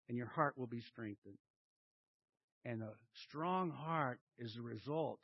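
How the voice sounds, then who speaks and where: A male pastor preaching in a high voice, acting out his own inner dialogue. His pitch swings widely from one phrase to the next. The recording sounds dull and lo-fi. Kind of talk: sermon.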